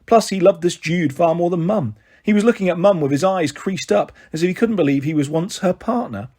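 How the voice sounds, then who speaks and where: A man reading a children's novel aloud, giving an expressive first-person narration. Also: sits high, a little fast, slightly rough. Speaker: storyteller.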